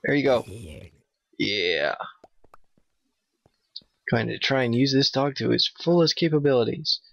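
A man giving nervous, excitable let's play commentary, talking to his in-game dog. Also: medium pitch, a little slow, vocal fry, no echo. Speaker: gamer playing a Minecraft map. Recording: dull, dry home mic.

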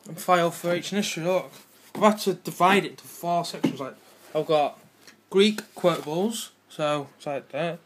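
A teenage English boy chats in a rambling, offhand way for his vlog from his bedroom at home, joking around and slipping into silly voices. His voice is fairly high, at a moderate pace, with a noisy background.

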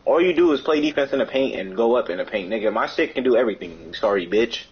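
A man's voice: mid-range voice, lively intonation, fast, breathy edge, highs cut off. A young man gaming with friends, taunting them nonstop with profane, repetitive insults over voice chat. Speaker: gamer streaming with friends. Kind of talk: trash-talking voice chat.

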